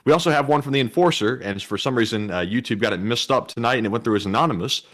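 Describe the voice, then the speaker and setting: A man co-hosting a livestream, reading donor names in a steady voice and stumbling over his words now and then. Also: medium pitch, racing. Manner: steady, reads long name lists, stumbles at times. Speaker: co-host reading donations. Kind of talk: casual livestream chat.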